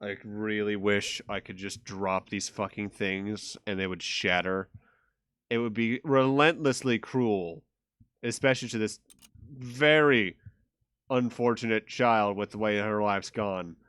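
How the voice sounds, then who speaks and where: A man's voice: lowish voice, unhurried, a bit bright, clean tone, dry recording, clean studio sound. A man streaming a video game, casually joking and swearing as he plays. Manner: joking, profane, with bursts of laughter. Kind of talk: casual let's-play commentary.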